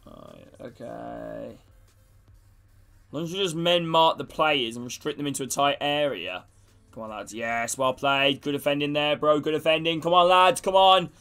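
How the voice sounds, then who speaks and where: Hyped lad streaming a football game. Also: male voice, a little high, moderate pace, creaky, clear, resonant tone, faint music behind. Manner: energetic hype and greetings to chat, swearing casually. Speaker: gaming streamer. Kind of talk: live gameplay chat with viewers.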